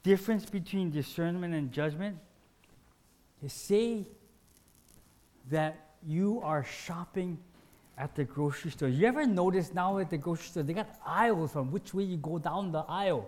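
A high-pitched man speaks at a moderate pace while giving an informal spiritual teaching. Energetic and self-deprecating, he performs everyday scenes through short, punchy phrasing.

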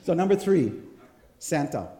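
Mellow-voiced preacher in a roomy church. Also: male voice, a little high, big pitch swings, a little slow. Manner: storytelling, checking in with the congregation. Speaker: pastor. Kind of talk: conversational sermon. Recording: roomy hall echo.

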